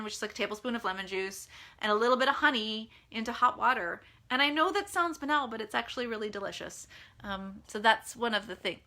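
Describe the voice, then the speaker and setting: A chatty American woman author answers reader questions in a loose live Q&A. Her voice sits a little high and sounds bright and forceful, and she stays frank and self-deprecating throughout. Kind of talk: casual live Q&A chat. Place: at home in California.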